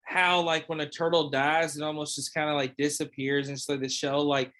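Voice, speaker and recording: A man's voice: on the high side, flat delivery, normal speed, fairly bright tone. A young man chatting casually on a podcast, rambling with lots of fillers and swearing. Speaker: podcast host or guest. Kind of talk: casual chat.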